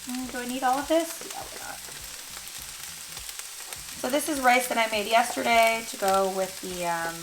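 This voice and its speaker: A woman with a slightly high voice chats through a home cooking vlog, joking and thinking out loud. She is recorded in an echoey kitchen with faint background noise. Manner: chatty, jokey, thinking aloud while cooking. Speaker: vegan cooking vlogger. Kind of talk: casual cooking vlog chat.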